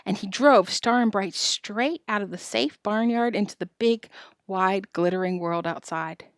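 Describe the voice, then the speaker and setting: A woman reads a children's chapter book aloud with lively, dramatic storytelling. Her voice is mid-pitched and recorded close in a dry room. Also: a little slow, no room sound. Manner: expressive, dramatic narration. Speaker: storybook reader. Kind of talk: reading a children's novel aloud.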